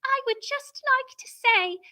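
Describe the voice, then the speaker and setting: A woman's voice: very high voice, measured pace, pushed and bright, voice pushed up, heavily acted. A woman voicing a polite tiny British schoolboy who gives a short earnest little speech.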